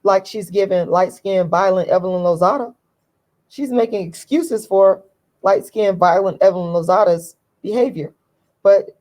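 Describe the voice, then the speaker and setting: A woman's voice: mid-range voice, a little mellow, rough recording. A woman hosting her own vlog, talking from a laid-back position in a voice tired from a long day, stressing points by repeating them. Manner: emphatic, repeats phrases for stress. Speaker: channel host. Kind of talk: casual opinion vlog.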